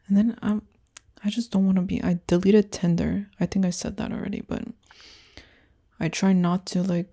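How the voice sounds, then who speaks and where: A woman's voice: on the low side, mellow. A young woman from Canada hosting a solo podcast, talking candidly and rambling about frustrating dates. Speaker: podcast host. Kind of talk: casual solo podcast chat.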